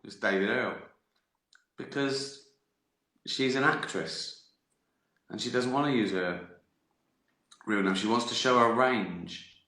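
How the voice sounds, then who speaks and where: Speaking slowly with long pauses, a comedian with a fairly low, bright and forceful voice answers livestream viewers in a roomy space. The chat is casual as he drifts from joke to joke, swearing and laughing at his own material.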